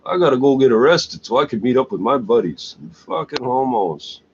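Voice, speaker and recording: A man's voice: medium pitch, animated, quick pace. A middle-aged man in a crude, scornful, profane ranting monologue. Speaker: vlogger. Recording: dull lo-fi recording with faint hiss.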